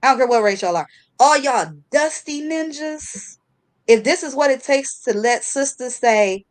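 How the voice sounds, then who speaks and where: A woman hosts a casual talk show, her voice sitting a little high. She tells stories in an animated, slangy way and laughs often as she talks. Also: moderate pace. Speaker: host. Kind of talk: casual chat storytelling.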